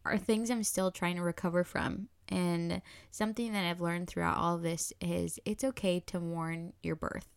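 Woman, low-pitched, earnest and emotional, dry close recording, nervous laughs between phrases. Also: fairly even intonation, normal speed, vocal fry, clear, resonant tone, dry recording. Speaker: new mother telling her birth story. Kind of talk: candid personal storytelling.

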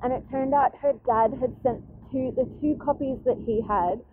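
A woman, host of a casual podcast, tells a long story in a loose, rambling way, full of "like" and "anyway". Her voice sits a little high and comes through a thin, phone-like recording with a faint hiss behind it. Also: normal speed. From Australia. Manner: chatty, rambling with many fillers and restarts. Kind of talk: casual chat, retelling a story. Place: outdoors in a city, planes overhead. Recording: tinny phone-like recording, faint background noise.

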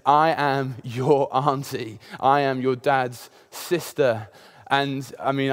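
A man's voice: fairly high pitch, clear, resonant tone. A man in his thirties preaching a sermon, opening with a personal story in a conversational way and many filler sounds.

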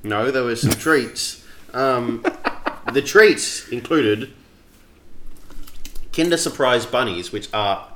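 A man's voice: medium pitch, lively intonation, slow pace, pauses often, a bit bright. A man, co-hosting a casual chat and joking around. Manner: joking, reads comments in a put-on Aussie bogan voice. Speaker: podcast co-host. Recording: roomy echo.

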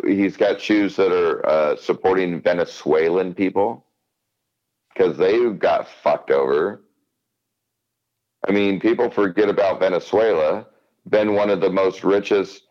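A man's voice: low voice, darkish tone, highs cut off. A man in casual podcast chat, rambling and swearing, often repeating himself. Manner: rambling, profane, repeats words.

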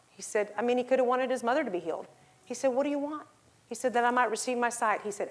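A middle-aged woman preaching a sermon, telling stories and acting out the voices in them, rising to loud exhortation. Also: on the high side, fast talker. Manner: acts out voices in her stories.

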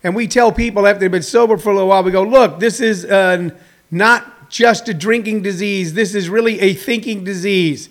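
A man's voice: high-pitched, a little fast, a bit bright. A man, a stand-up comedian, talking casually to viewers in a livestream monologue, rambling with many fillers and restarts.

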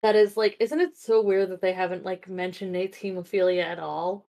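A woman's voice: lowish voice, fairly even intonation, moderate pace, creaky, mellow. A woman co-hosting a casual podcast chat, delivering dry, sardonic quips. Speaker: podcast co-host.

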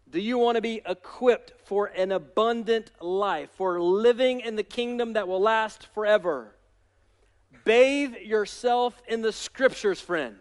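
A male pastor preaching a sermon in an energetic, emphatic way, with self-deprecating humor. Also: high voice.

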